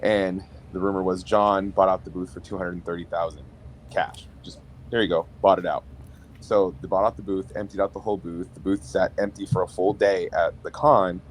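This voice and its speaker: Deep-voiced laid-back man, faint noise. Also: steady tone, moderate pace, poor audio. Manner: laid-back, uses fillers like "um". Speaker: podcast guest. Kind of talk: casual chat.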